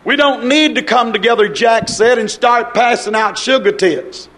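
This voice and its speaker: High-voiced man preaching emphatically. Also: normal speed, a bit bright. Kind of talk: sermon.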